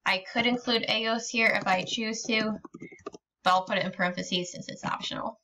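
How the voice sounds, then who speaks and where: A woman's voice: mid-range voice, fairly even intonation, normal speed, pushed and bright. A woman teaching a recorded lesson, explaining patiently step by step with frequent ums. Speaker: Spanish teacher.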